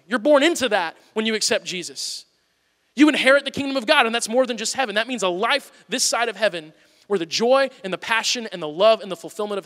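Pastor, male, high bright voice, earnest sermon delivery, long hall reverb. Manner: earnest, swings from loud urging to soft pleading. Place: church auditorium.

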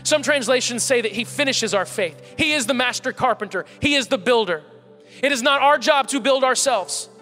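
A man's voice: extremely high pitch, expressive, moderate pace, bright, forceful tone, faint music behind. A man preaching a sermon to his congregation as pastor, earnest and building emphasis through repeated phrases. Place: church sanctuary. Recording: long hall reverb.

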